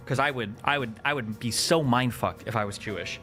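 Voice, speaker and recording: A young man streaming live commentary into a desk mic, his bright, forceful voice pushing through a steady rant. He swears freely, leans on fillers like "like" and "um," and stays heated from one point to the next. Faint music sits low behind him. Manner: heated, profane, rapid ranting with frequent fillers. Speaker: political streamer.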